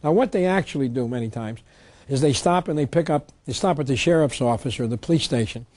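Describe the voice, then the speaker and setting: A man's voice: mid-range voice, a little fast, a little mellow. A man giving an emphatic public lecture on tax law, reading legal text aloud. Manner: emphatic, reads statutes aloud.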